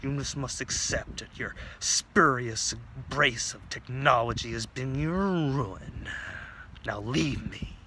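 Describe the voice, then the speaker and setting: A man voicing a stern old male martial arts master in a told story, slow and solemn. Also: medium pitch, background noise, pitched above the performer's own voice. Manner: slow, solemn, then barking.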